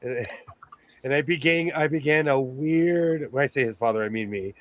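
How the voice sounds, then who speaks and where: A man's voice: medium pitch, normal speed, low-quality recording. A man hosting a casual chat, talking in an easygoing way with lots of restarts and self-corrections. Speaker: host.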